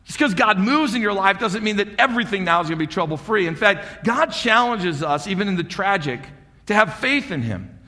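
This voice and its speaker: A man's voice: sits high, big pitch swings, fairly quick, sharp tone. A man preaching a sermon as pastor, emphatic and asking the congregation rhetorical questions. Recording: long hall reverb.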